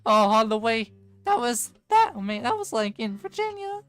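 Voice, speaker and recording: A woman's voice: on the high side, big pitch swings, moderate pace, faint music behind. A woman voicing a laid-back, jittery young stoner man who drawls and ends lines with "man", in a tabletop role-play.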